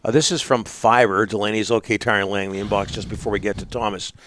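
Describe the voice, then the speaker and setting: A man hosting a sports talk radio show, reading listener messages and sponsor spots in a casual, halting way. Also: lowish voice, fairly even intonation, fairly bright tone, a little hiss or hum. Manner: casual, halting reads with many fillers.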